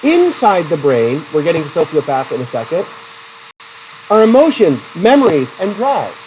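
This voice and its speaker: Man, middle-aged, psychology teacher, classroom lecture, lively pitch, faint background noise. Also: moderate pace, rough recording. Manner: animated, talks to students with questions and anecdotes.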